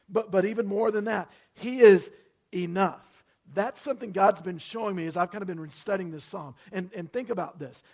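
A male pastor preaching a sermon in a church, repeating key phrases with emphasis and slowing down on them. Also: sits high, darkish tone, slightly rough. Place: church sanctuary.

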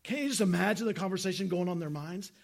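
A man's voice: sits high, racing, gravelly. A man preaching a sermon as pastor, earnest and full of rhetorical questions.

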